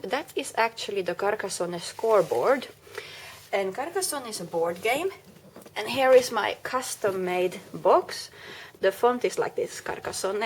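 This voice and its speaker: A woman's voice: medium pitch, a little hiss or hum. Chatty woman explaining a craft project. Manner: chatty, explaining step by step with small self-corrections. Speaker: crafting video maker. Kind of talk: casual craft tutorial.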